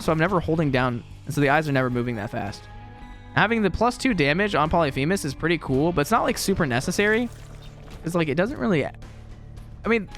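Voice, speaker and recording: A young man chats his way through a game from his room at home, rambling and poking fun at himself. His voice sits a little high and swings around lively. Faint music plays underneath. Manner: rambling, chatty, self-deprecating. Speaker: gaming commentator. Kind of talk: casual gameplay commentary.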